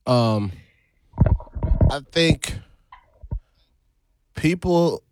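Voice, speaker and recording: A man's voice: a little high, expressive, extremely slow. A man with a slightly raised voice that swings up and down as he argues and laughs. He talks in loose, heated podcast banter as a co-host. A faint hiss of noise sits under the recording. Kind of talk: casual chat.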